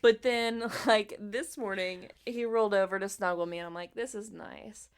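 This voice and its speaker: A young woman co-hosting a casual podcast chat, talking at an ordinary middle pitch. She tells everyday stories and often jumps into quoted voices, making them higher and louder. Her tone stays relaxed and conversational. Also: normal speed, smooth. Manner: animated storyteller, acts out quotes in a high voice. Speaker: podcast co-host.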